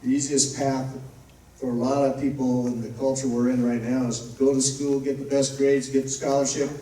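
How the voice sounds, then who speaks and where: A man's voice: mid-range voice, flat delivery, normal speed, dark tone. A man preaching a sermon as pastor, emphatic and repetitive, building to fervent passages. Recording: roomy echo, distant mic.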